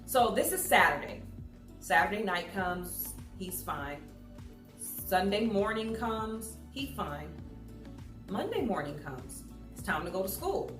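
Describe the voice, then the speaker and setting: Animated woman telling a story, echoey room. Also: medium pitch, slow pace. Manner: animated, acts out voices in her stories. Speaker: public speaker. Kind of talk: storytelling talk to an audience. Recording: echoey room with faint music.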